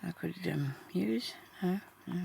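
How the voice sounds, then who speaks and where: A woman who makes craft videos, chatting casually to herself while she sews and mumbling, with her voice often dropping into soft half-whispers. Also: on the low side, a little slow, creaky, a little hiss or hum. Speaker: craft vlogger. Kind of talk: casual talk while stitching.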